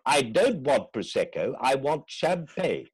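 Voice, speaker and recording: A man putting on the voice of an indignant, grumpy older Scottish gentleman, raising his pitch and volume. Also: sing-song, a little slow, husky. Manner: indignant, exasperated.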